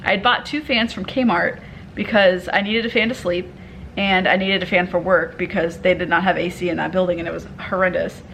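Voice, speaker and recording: A young woman telling a story in a casual vlog, candid and animated, swearing freely and acting out what people said. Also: fairly low pitch, a little fast, creaky, slight background noise, rough recording. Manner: candid, animated retelling with profanity and quoted dialogue. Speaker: vlogger.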